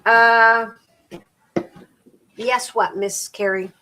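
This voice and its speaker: A woman's voice: a little high, fairly even intonation, very slow, background noise. Chatty middle-aged woman crafting. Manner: rambling, repeats and restarts words; reads crafting measurements aloud. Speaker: host of a crafting live stream. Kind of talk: casual chat while crafting.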